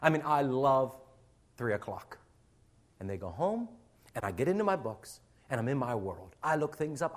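Animated man lecturing to teachers. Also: on the high side. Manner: conversational, acts out little scenes with students.

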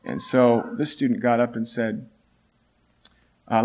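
This middle-aged teacher's story about his students comes in a slightly mellow, ordinary-pitched voice with fairly even intonation. He talks earnestly and haltingly, restarting sentences often, though his voice goes up when quoting the students.

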